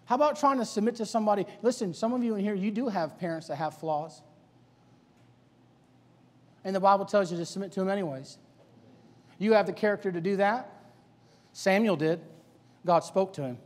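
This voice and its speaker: A man's voice: sits high, fairly quick, pauses often, darkish tone, long reverb tail. A male preacher delivering a sermon, hammering the congregation with rhetorical questions. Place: church sanctuary.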